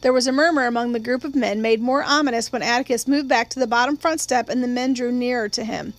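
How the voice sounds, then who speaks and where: A woman narrating a novel as an audiobook in steady, even storytelling, close to the mic. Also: a little high, fast talker, no room sound. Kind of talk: scripted narration.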